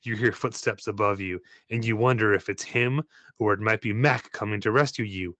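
A man's voice: on the low side, normal speed, pushed and bright, a little hiss or hum. A man reading a choose-your-path story aloud in a playful way, breaking off now and then with joking asides. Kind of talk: playful read-aloud narration.

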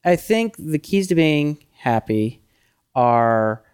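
A middle-aged man co-hosting a podcast, chatting casually with lots of fillers and animated when he quotes himself. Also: a little high, slow, clean tone. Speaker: podcast co-host. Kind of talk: casual chat.

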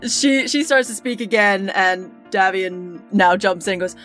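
A woman's voice: medium pitch, unhurried, a bit bright, soft background music. A woman narrating as game master in a tabletop game, chatty and often giggling.

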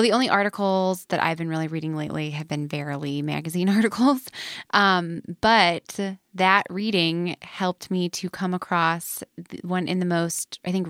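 Lower-voiced woman in casual chat. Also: fairly bright tone, no room sound, studio quality. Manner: responsive, frequent short agreements. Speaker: podcast co-host.

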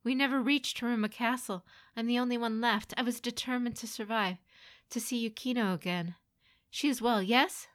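A woman's voice: a little high, fairly even intonation, moderate pace, voice pushed up, lightly acted. A woman voicing a desperate young man pleading with his mother, raised and stammering. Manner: rising, stammering, frantic pleas.

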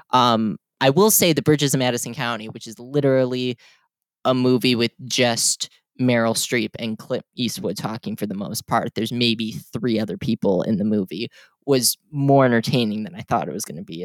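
A man's voice: mid-range voice, no room sound. A man co-hosting a casual film discussion, chatty and opinionated, with frequent fillers and restarts. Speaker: podcast co-host.

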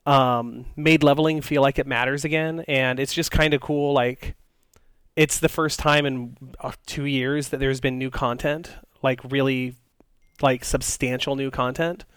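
A man co-hosting a casual podcast, talking loosely with frequent fillers and restarts. His voice is smooth and resonant, sitting at a middle pitch. The recording is dry and close. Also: steady tone, measured pace, a bit bright, dry recording. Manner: rambling, many fillers and restarts. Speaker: podcast co-host. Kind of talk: casual chat.

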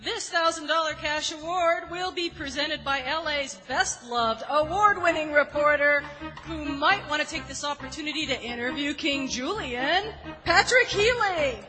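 A woman's voice: sits high, normal speed, pushed and bright. A woman hosting a live awards event, announcing guests and awards. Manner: upbeat, announcing. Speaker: host. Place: large live event hall. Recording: reverberant hall with music.

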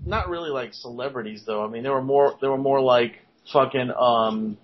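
A man with an ordinary mid-range voice talks haltingly in a casual podcast chat, stumbling through fillers. The recording has a muffled, lo-fi sound. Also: mid-range voice. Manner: halting, hesitant, many fillers. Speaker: podcast co-host.

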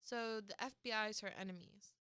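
A woman's voice: mid-range voice, fairly quick, clear, resonant tone, no room sound, studio quality. A woman from Wisconsin co-hosting a movie podcast, chatting casually and laughing often. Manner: giggly, animated. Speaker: podcast co-host. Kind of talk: casual chat.

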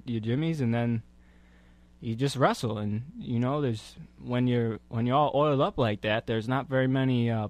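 A man guesting on a comedy podcast, talking deadpan with halting pauses and many fillers. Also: mid-range voice, no room sound.

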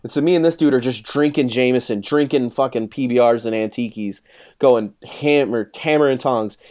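Man, thirties, casual chat, swears a lot, acts out quotes, mid-pitched. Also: moderate pace. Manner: profane, animated storyteller acting out quotes.

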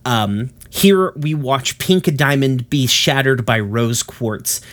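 A man's voice: medium pitch, slow, a bit bright. Guy rambling through a cartoon recap, lots of ums, swears a bit, mid voice. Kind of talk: casual episode recap.

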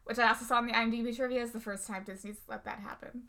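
Bright high-voiced woman podcaster. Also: racing. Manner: laughs often, animated retelling. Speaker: podcast co-host. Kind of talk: casual movie recap chat.

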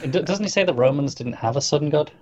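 A man, co-hosting a podcast in casual chat with relaxed, wry asides. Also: fairly high pitch, fast, highs cut off, a crowd in the background. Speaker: podcast co-host.

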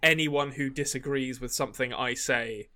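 A man co-hosting a podcast, chatting casually in a wry, animated, complaining way. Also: medium pitch, normal speed. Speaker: podcast co-host. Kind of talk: casual chat.

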